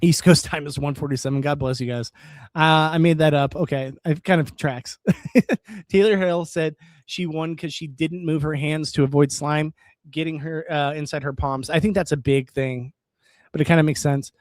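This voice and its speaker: A young man from California chatting casually on a live stream, reading viewer comments and reacting in an excitable way, laughing often. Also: on the high side, moderate pace, dry recording, clean studio sound.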